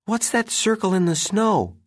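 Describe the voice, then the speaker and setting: A man reading a children's story aloud and voicing an excitable young boy in a squeaky voice. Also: measured pace, no room sound, clean studio sound, heavily acted. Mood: excited.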